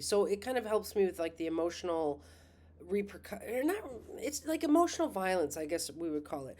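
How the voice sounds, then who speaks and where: A woman's voice: medium pitch, expressive, brisk, darkish tone. A middle-aged woman astrologer talking casually, rambling with many fillers, restarts and laughs. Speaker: astrologer and school host. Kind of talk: casual monologue.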